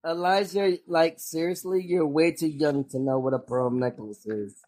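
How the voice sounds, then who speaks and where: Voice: medium pitch, fairly even intonation, normal speed, darkish tone. A podcast host in casual chat with friends, using lots of "dude" and "like". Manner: drawn out, says "dude" and "like" a lot.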